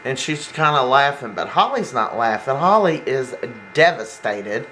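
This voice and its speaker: Casual soap recapper, mid-pitched, rambling with fillers, faint background hiss. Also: big pitch swings, unhurried, fairly bright tone, poor audio. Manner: rambling, acts out quoted lines, many fillers.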